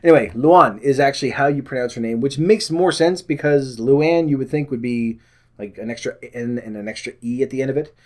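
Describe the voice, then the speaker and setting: A man's voice: medium pitch, a little fast, a little mellow. A man with a Canadian accent talking casually to the camera in a vlog, rambling with many fillers and corrections. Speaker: vlogger.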